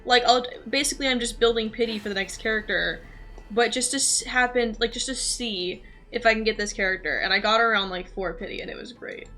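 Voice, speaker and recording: A woman's voice: fairly high pitch, a little fast, sharp tone. A woman streamer chatting casually and rambling cheerfully while she plays a game. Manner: chatty, rambling, laughs easily. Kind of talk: casual chat while gaming.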